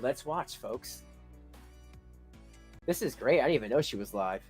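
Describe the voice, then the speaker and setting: A man's voice: medium pitch, animated, measured pace, darkish tone, faint music behind. A man giving mocking reaction commentary on a livestream, laughing often. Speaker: commentary streamer.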